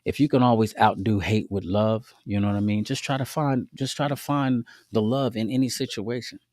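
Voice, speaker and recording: Laid-back guy hosting a podcast, low voice, slangy faith talk, dry close sound. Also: fairly quick, darkish tone, no room sound. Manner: laid-back and slangy, with frequent asides to listeners. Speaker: podcast host. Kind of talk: casual faith-based storytelling.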